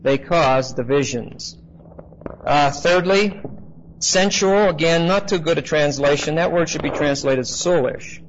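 A man preaching an expository Bible teaching, measured and emphatic, often pausing with "uh" and checking in with "okay?". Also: fairly high pitch. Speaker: pastor. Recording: slightly dull lo-fi sound with faint noise.

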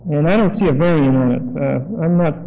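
High-voiced man teaching from Scripture. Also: a little fast, creaky, slight background noise. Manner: explanatory, dictates phrases for notes. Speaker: preacher. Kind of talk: expository Bible teaching. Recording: dull lo-fi sermon recording.

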